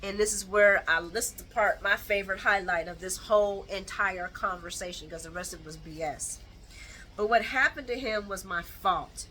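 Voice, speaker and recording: Bright-voiced woman recapping, blunt and animated. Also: mid-range voice, normal speed, slight background noise, poor audio. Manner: animated, blunt, colloquial, with mocking asides. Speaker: soap opera recap host. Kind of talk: casual chat recap.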